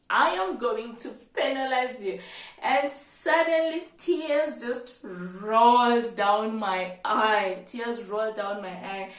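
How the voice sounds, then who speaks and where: A young Kenyan woman with a fairly high voice tells a story from her life in a lively, animated way. She sits a bit back from the mic, and her voice rings in a roomy, echoey space. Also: distant mic. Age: 20s. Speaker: medical student vlogger. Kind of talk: storytelling vlog.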